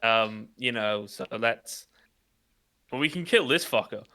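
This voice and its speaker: An Irish man plays a tabletop game and talks through his moves, hesitant and full of fillers. His voice is bright and forceful. He sits at an ordinary pitch. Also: lively intonation, unhurried. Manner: hesitant, thinking aloud. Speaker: player. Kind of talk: casual tabletop play.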